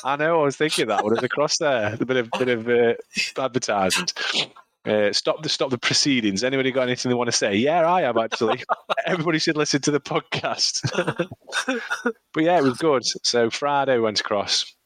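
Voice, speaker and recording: A man's voice: medium pitch, a little fast, a bit bright, slight background noise. A man from England on a podcast, telling a rambling running story with lots of laughter and repeated words. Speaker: podcast co-host. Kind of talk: casual chat, storytelling.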